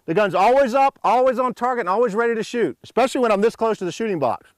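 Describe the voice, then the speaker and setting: A man's voice: very high-pitched, lively intonation, fast talker, background noise. A middle-aged man coaching young shooters at an outdoor range, joking with them and calling out drill commands.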